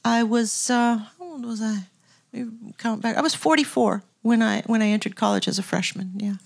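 A woman's voice: a little high, moderate pace, gravelly. An older woman talking in an interview, telling stories in a reflective, chatty way with frequent laughs and restarts. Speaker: guest, record producer turned scientist. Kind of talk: casual interview storytelling.

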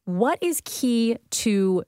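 A woman's voice: on the high side, lively intonation, very slow, warm tone, smooth, dry recording. Casting: woman co-host, candid and self-deprecating, dry studio sound. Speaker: talk show co-host. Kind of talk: casual chat.

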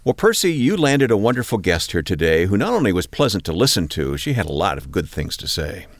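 Lively low-voiced male co-host. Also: fairly quick, dry recording. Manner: upbeat, bantering with his co-host. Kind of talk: casual show chat.

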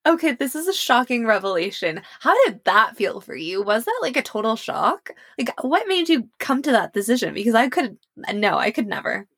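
A woman's voice: on the high side, big pitch swings, normal speed, few pauses, fairly bright tone, breathy edge. A woman hosting a casual interview, asking questions with bubbly, exclamatory reactions.

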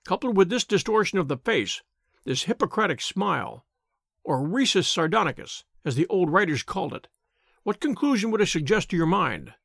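A cool, sharp-minded detective lays out his reasoning in a quiet, dry and exact way in an audiobook, as a man reads him. The voice sits high and moves with lively inflection, with a gravelly grain. The recording is close and dry. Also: normal speed, no echo, heavily acted. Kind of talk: audiobook character voice.

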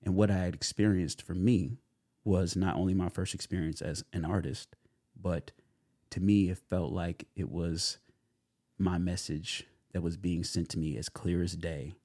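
A young man speaks as an interview guest, his voice low and deep with a warm, mellow tone. He tells his story in a loose, animated way, full of fillers, and acts out what people said to him. The sound is dry and close. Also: unhurried, no room sound. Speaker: guest, actor.

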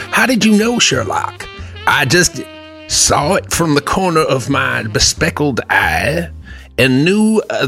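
A man doing a pompous old-timey Southern-gentleman detective, stretching each grand, flowery phrase. The delivery is slow and mock-formal, and faint music plays underneath. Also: on the high side, gravelly, pitched above the performer's own voice, full character voice. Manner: drawn-out, florid, mock-formal. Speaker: podcast co-host.

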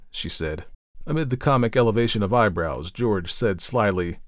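A man narrating a classic novel in a measured, even reading style. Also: on the low side, no echo, studio quality. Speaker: audiobook narrator.

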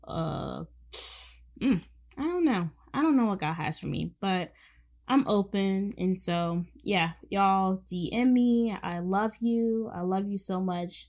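A woman's voice: mid-range voice, takes it slowly, a little mellow. A young woman hosting a faith podcast, speaking fervently and affectionately, repeating phrases for emphasis and calling her listeners honey and baby. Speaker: podcast host.

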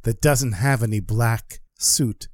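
A man voicing a humble but clever treasurer in a folktale, speaking politely and calmly with a quietly sly edge. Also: mid-range voice, slow, no room sound, clean studio sound, close to an everyday voice.

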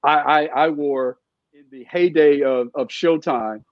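A man's voice: on the high side, a little slow, highs cut off. A man in his fifties from California, a guest giving emphatic podcast sports analysis, repeating his points and building arguments with analogies. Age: 50s. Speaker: guest, former sportswriter and scout.

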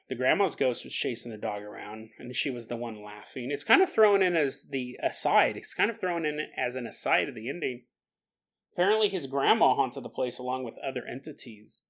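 A man's voice: a little high, bright, forceful tone. A man hosting a podcast who retells a ghost story casually, joking and laughing often. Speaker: podcast host.

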